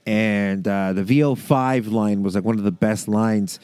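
A man's voice: lowish voice, fairly even intonation, unhurried, darkish tone, no room sound. A man co-hosting a casual chat, rambling with lots of fillers and laughs, reading excerpts aloud. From American South. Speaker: podcast co-host.

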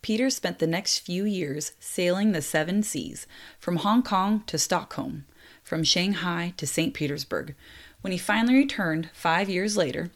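A young woman tells a true adventure story with lively energy. Her voice sits a touch low for a woman, and she breaks off now and then for casual, apologetic asides. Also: a little slow. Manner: lively, laughs at own slips, apologetic asides. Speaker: narrator.

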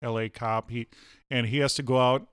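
A man's voice: medium pitch, little pitch movement, normal speed, a bit bright, clean tone, no echo, clean studio sound. A man co-hosting a casual movie review chat, firing off teasing questions.

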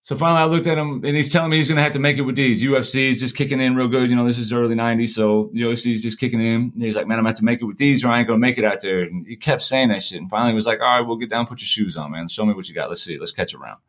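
A man's voice: medium pitch, very fast, hardly any pauses, a bit bright. A man, likely in his forties, casually telling prison stories, acting out the dialogue and swearing freely. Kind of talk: casual storytelling.

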